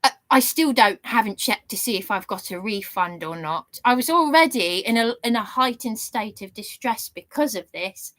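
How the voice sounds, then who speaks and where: Woman ranting into her camera, cross and sarky, higher voice, dry sound. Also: animated, normal speed, hardly any pauses, a bit bright, no room sound. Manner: indignant and ranting, sarcastic jabs. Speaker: vlogger. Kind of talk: angry monologue to camera.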